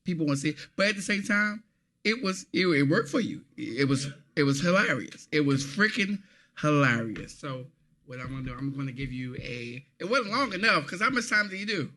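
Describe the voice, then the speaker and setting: A man's voice: on the high side, animated, fairly quick, bright, forceful tone. A man judging a comedy contest, giving effusive, enthusiastic feedback and scores. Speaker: comedy judge.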